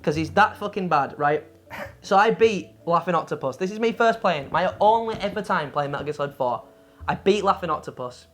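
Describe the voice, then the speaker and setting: A woman's voice: fairly low pitch, expressive, fairly quick. A woman co-hosting a game review show, ranting about a game in casual, profane, exasperated chat.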